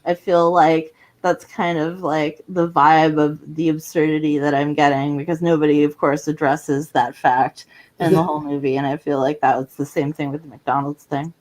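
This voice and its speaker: A woman's voice: sits low, level tone, moderate pace, darkish tone. A woman co-hosting a podcast, talking loosely in a rambling casual chat. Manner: rambling, loose, many fillers.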